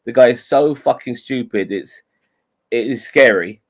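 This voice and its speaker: A man's voice: mid-range voice, unhurried. A man co-hosting a casual podcast chat, hesitant and sweary, with many stammered restarts. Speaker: podcast co-host.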